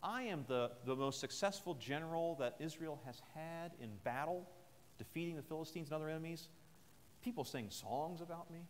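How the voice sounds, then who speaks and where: A man's voice: on the high side, moderate pace, a little hiss or hum, close to an everyday voice. A man voicing a proud, indignant young warrior-king who speaks in a dismissive, boastful way, as part of a sermon. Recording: long chapel reverb.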